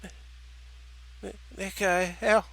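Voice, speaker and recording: A man playing a dying female officer, speaking in a faint, winded, halting whisper. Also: sits high, flat delivery, creaky, bright, forceful tone, voice pushed up, exaggerated voice, poor audio. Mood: fading.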